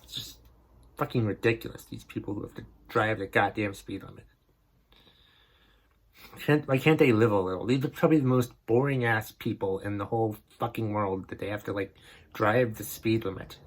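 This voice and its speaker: A man's voice: lowish voice, normal speed. Grumpy man ranting on a podcast. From northern New England. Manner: grumpy, exasperated, profane. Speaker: podcast host. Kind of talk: comedic rant.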